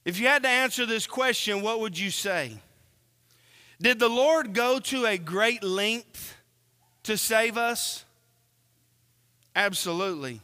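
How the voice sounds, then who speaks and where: A man preaching a sermon, slow and earnest, asking the congregation questions as he reads from scripture. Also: high voice, bright, forceful tone, smooth, long reverb tail.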